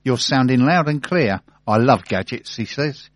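A male radio host, relaxed and laughing easily with his co-host. He is recorded close on a studio mic in a very dry room. His pitch sits in the middle range. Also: normal speed, no room sound. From South London. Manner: easygoing, laughs often. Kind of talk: radio show banter and interview.

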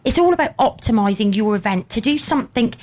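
A woman's voice: on the high side, expressive, quick pace, a little mellow. A woman from England co-hosting a radio show, chatting playfully and reading out news items. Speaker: radio co-host. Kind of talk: casual radio chat.

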